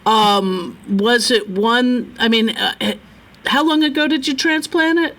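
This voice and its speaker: A woman hosts a gardening call-in show on the radio, chatting casually into a studio microphone. She rambles along, restarting sentences and filling pauses as she goes. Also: fairly high pitch, a bit bright.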